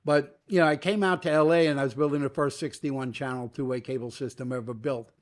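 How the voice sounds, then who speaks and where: A little fast and mid-range in voice, an older man from New York appears as an interview guest and works as a media entrepreneur. His long stories come alive as he acts out the dialogue within them.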